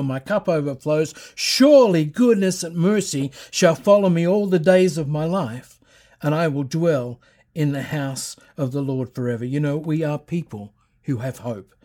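A man's voice: on the high side, mellow. A middle-aged man preaching a sermon as pastor, reading scripture aloud and building emphasis with repeated phrases.

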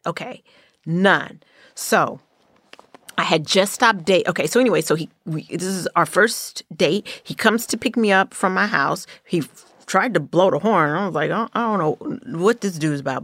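A woman's voice: lowish voice, a bit bright, dry recording. Candid middle-aged woman, dry close mic. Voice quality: candid and profane, laughs while telling stories. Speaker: podcast host. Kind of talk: casual storytelling chat.

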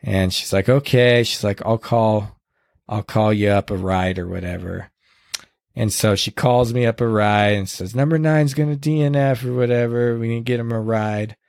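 A man's voice: fairly low pitch, creaky, darkish tone, no echo, studio quality. Earnest man retelling a race. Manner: earnest, halting, full of restarts and quoted dialogue. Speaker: podcast host recounting a race. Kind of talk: casual storytelling chat.

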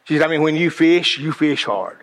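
A man's voice: a little high, expressive, fairly quick, a bit bright. A man giving a sermon-like talk about decisions, passionate and earnest, often repeating words as he builds a point. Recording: long hall reverb.

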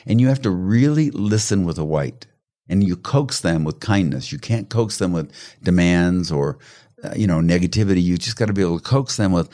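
A man's voice: low voice, brisk. A middle-aged man explaining personality types in casual conversation, telling stories and acting out the voices of the people he quotes. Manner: animated storyteller, acts out quoted voices; laughs while telling stories. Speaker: guest expert on personality colors.

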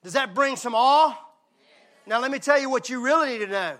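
A male pastor with a high-pitched, bright and forceful voice delivers a sermon. He preaches emphatically, dropping to hushed intimacy and then rising to shouts. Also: fairly quick.

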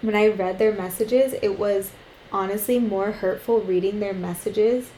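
A woman's voice: mid-range voice, steady tone, unhurried, mellow, reverberant, a little hiss or hum, low-quality recording. A young woman co-hosting a podcast. She tells a personal story in casual chat, swears freely and acts out what people said. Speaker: podcast co-host.

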